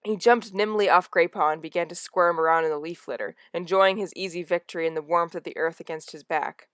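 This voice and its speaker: A woman reading a novel aloud in a soft, hushed narration that drops toward a whisper in tense moments. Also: lowish voice, brisk, smooth, no room sound, studio quality. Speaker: audiobook reader.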